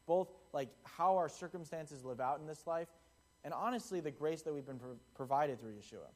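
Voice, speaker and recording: Young male preacher, slightly higher voice, relaxed chatty sermon delivery. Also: moderate pace. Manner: conversational, acts out quotes in the parable. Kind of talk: casual sermon.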